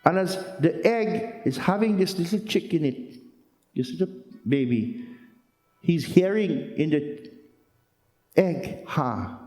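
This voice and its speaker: Male storyteller-preacher, earnest, fairly high voice, reverberant hall. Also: darkish tone. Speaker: religious storyteller. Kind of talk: storytelling sermon. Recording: roomy hall with long echo.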